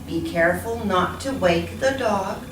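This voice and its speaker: A woman voicing a small, clever ladybug, speaking in a high, urgent voice during a children's story reading. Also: a little slow, a little hiss or hum, natural voice. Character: brave little female ladybug, quiet and clever. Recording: roomy echo from a distant mic.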